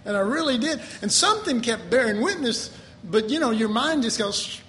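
A high-pitched man preaching to a congregation. He talks in an animated way, jumps into exaggerated quoted voices, and chuckles often between lines. A faint room hum sits behind him. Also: moderate pace. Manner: chuckles often while talking. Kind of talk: sermon.

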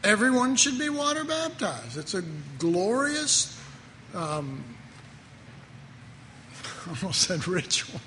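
Speaking in a high, very animated voice with a pushed, bright quality, this man delivers a slow sermon full of pauses. His style is casual and conversational; he interrupts himself frequently and laughs at his own jokes. There's an echo from the hall and a faint hiss of noise.

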